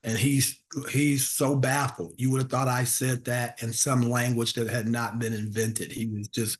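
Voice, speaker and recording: A man's voice: mid-range voice, measured pace. Man telling a comic story. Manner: animated, acts out voices of people in his stories; self-deprecating. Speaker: comedian guest.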